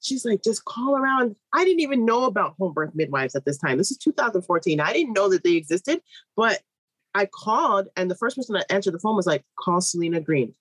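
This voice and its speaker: A woman in her thirties tells a long personal story in an interview, slipping into other people's voices as she goes. Her voice is slightly husky, and the sound is close and dry with no room around it. She speaks as a midwife. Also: medium pitch, a little fast, no room sound, rough recording. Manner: lively, animated storytelling with quoted voices.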